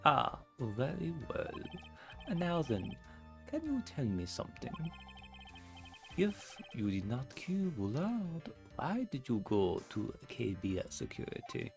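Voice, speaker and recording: A man voicing a fussy, gullible elderly judge who makes slow, pompous pronouncements. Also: mid-range voice, wildly swooping pitch, creaky, soft background music, heavily acted. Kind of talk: fan voice acting over a game.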